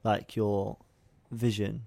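A man's voice: fairly low pitch, level tone, slow, vocal fry, a little mellow, dry recording. A man interviewing, giving short agreements and asking casual questions. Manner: brief affirmations.

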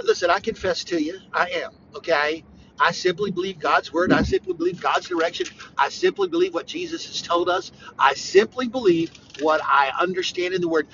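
A man preaching on a podcast in an informal, conversational way, emphatic and repetitive, with sudden bursts of loud emphasis. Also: sits high, highs cut off, slight background noise. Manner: conversational, talks straight to the listener. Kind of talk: informal devotional podcast talk.

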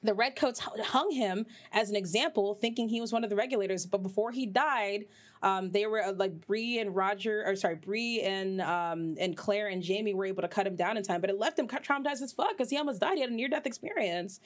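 A woman hosting a podcast, chatting casually and rambling, swearing freely, with her voice jumping up high when she gets worked up. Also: fairly quick. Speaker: podcast host. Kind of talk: casual chat.

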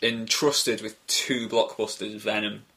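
A man co-hosting a casual podcast, joking quickly and often restarting his sentences. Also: on the low side, level tone, sharp tone. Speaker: podcast co-host. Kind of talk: casual chat.

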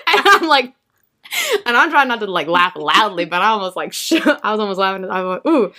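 A woman telling a lively convention anecdote in casual chat, laughing often and acting out what people said. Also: medium pitch, brisk. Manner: animated, laughs often, acts out quotes.

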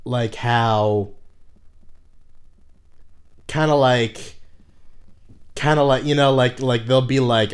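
A man co-hosting a casual fan chat, joking and packing his speech with "like", and often dropping into quick silly voices. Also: medium pitch, steady tone. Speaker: podcast co-host.

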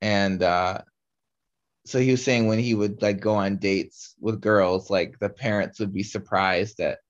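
A man's voice: on the low side, steady tone, unhurried. A young man co-hosting a casual podcast, rambling with many fillers and restarts. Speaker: podcast co-host. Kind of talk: casual chat. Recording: slightly dull lo-fi audio.

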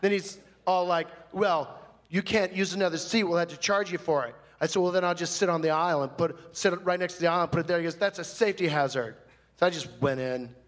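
A man's voice: a little high, quick pace, background noise, close to an everyday voice. A man doing a fussy, gossipy chatterbox. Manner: gossipy and prissy, rambling with fillers. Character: flamboyant, fussy, chatty man telling a grievance. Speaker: stand-up comic in character. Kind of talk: live comedy monologue. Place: live stage.

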